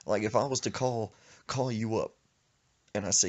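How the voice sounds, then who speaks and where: A man hosting a podcast, telling a comic story in an animated, emphatic way. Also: on the low side, moderate pace, lo-fi sound. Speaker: podcast host. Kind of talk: comedic storytelling.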